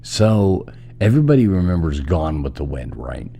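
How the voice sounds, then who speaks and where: A deep-voiced man with a warm, mellow tone and a lively, swooping delivery, playfully goading and joking as he hosts a live trivia show. He comes through a video call. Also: moderate pace, creaky. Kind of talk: casual banter on a live stream.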